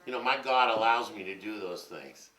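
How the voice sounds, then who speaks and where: A man's voice: fairly low pitch, normal speed. A man in his fifties telling rambling, profane stories in a candid monologue. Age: 50s. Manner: profane, rambling, animated storytelling. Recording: roomy and distant from mic.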